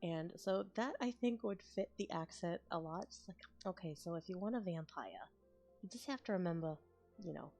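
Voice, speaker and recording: An ASMR creator chats casually on a live stream, rambling and thinking aloud with restarts and soft laughs. Her voice is lowish and expressive at a normal speed, with faint music in the background.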